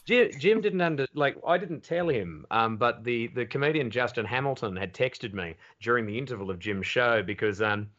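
A man with an Australian accent, a comedian guest telling lively, sweary anecdotes in casual podcast chat. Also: mid-range voice, moderate pace, few pauses, muffled recording. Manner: lively anecdotes, swears freely, slips into voices.

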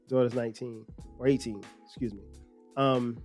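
A man, hosting a podcast and telling a story in a casual, animated way with lots of laughter. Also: mid-range voice, faint music behind. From South Carolina. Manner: animated, laughs often, quick restarts. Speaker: podcast host.

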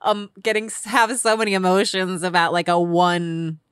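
A woman hosting an interview, talking in a chatty, animated way with lots of fillers. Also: lowish voice, normal speed, clear, resonant tone, dry recording, studio quality. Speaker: podcast host. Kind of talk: casual interview chat.

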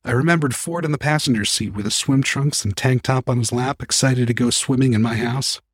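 A man narrating a first-person story as an audiobook reader, calm and even. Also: medium pitch, brisk, breathy edge, dry recording, clean studio sound.

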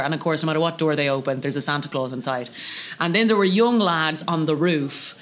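Man, podcast guest, higher pitch, bright, tense tone, self-mocking comic storyteller. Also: normal speed. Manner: lively, self-mocking, animated anecdotes.

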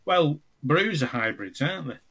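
Husky guy, bouncy voice, dull lo-fi sound, cracking sarcastic jokes. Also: a little high, lively intonation, normal speed, fairly bright tone. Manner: sardonic, teasing banter with laughs. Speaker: podcast co-host. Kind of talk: casual chat.

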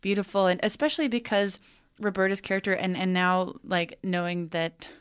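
A woman's voice: mid-range voice, steady tone, normal speed, clean tone. A woman, a podcast guest, discussing a movie in casual, rambling chat with many fillers.

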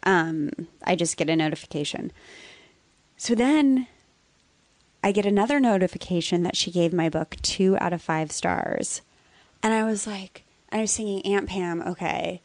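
Animated woman telling a story. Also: fairly low pitch, moderate pace, no room sound. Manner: animated storyteller, acts out quoted voices, rises to near-shouting. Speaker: guest author. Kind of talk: casual storytelling conversation.

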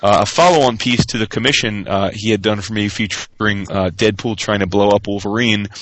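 A man co-hosting a casual podcast, talking in a rambling way with many fillers and pauses. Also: fairly low pitch, fairly even intonation, a bit bright. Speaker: podcast co-host. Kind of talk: casual chat.

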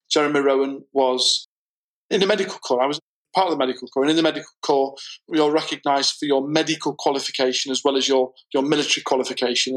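A man telling a story in casual conversation, slowing down to stress his points. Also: medium pitch, fairly bright tone, poor audio. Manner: storytelling, deliberate, slows for emphasis. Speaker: guest.

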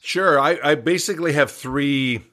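An older man, a business coach, telling an animated story as a podcast guest and acting out the dialogue with chuckles. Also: a little high, normal speed.

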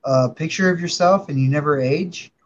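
A man's voice: fairly high pitch, moderate pace, muffled recording, slight background noise. A man, an actor guest on a chat show, joking in an offhand way. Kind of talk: casual video chat.

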